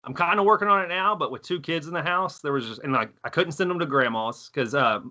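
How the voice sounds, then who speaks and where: This podcast guest is a man in his thirties with a Texan accent, speaking fast in a fairly high, bright, forceful voice over lo-fi audio. He tells profane stories in casual chat, laughs often, and acts out the voices of people he quotes.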